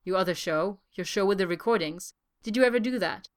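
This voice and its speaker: A woman voicing a gentle, wry man who talks softly, fond yet exasperated. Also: medium pitch, brisk, lightly acted.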